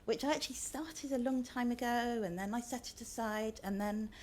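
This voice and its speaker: A woman's voice: fairly high pitch, normal speed, darkish tone, a little hiss or hum. A woman author giving a chatty talk with slides, hesitant and full of ums. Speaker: author, guest speaker.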